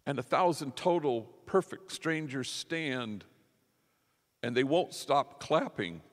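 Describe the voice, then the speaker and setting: A man's voice: medium pitch, lively intonation, takes it slowly. A man preaching a sermon as a conversational story, acting out the quotes of the people in it. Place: large church. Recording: long church reverb.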